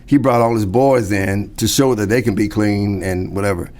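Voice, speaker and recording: Middle-aged male comedian, lowish voice, lively storyteller who does the voices. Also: moderate pace. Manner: acts out quoted voices, shifting pitch. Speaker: comedian guest. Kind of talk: animated storytelling.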